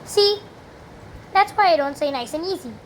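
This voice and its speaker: A young woman giving chatty, rambling commentary while playing a video game, with sudden loud exclamations. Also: very high-pitched, animated, normal speed, a little hiss or hum. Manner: chatty, rambling, exclaims loudly when she fails. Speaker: gaming commentator. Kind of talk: live gameplay commentary.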